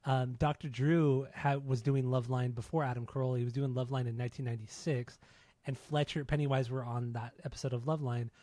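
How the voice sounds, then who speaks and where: A man co-hosting a podcast in easygoing chat, swearing freely and breaking into laughter as he tells a story. His voice sits at an ordinary middle pitch. It is recorded close on a studio mic with a dry, dead sound. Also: flat delivery, quick pace, dark tone, dry recording. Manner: loose, profane storytelling with frequent laughs. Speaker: podcast co-host. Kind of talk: casual chat.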